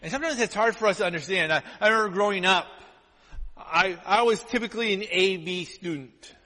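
A male pastor preaching a sermon, telling stories with lively acted-out quotes. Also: sits high, brisk. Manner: animated storytelling, acts out quotes. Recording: long hall reverb.

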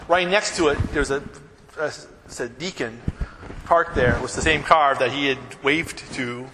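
A man preaching a sermon as pastor, animated and often checking in with his congregation. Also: a little high, brisk, in a large hall, noisy background.

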